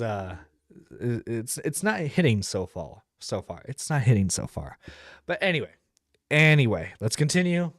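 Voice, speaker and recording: A man's voice: on the high side, dry recording, clean studio sound. A man giving casual, rambling commentary as a streamer reacting to a video, with lots of fillers and blunt profanity.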